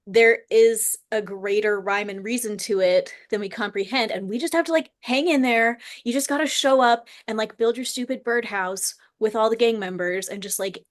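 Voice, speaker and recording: A woman in her forties telling a personal story in a casual conversation, earnest and chatty, with many fillers. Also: fairly high pitch. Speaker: guest.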